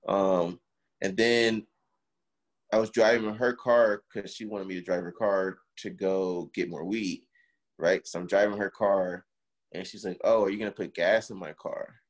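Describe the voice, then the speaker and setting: A man's voice: low-pitched, fairly even intonation, measured pace. A young man in casual chat, animatedly telling a story, swearing and acting out the quotes.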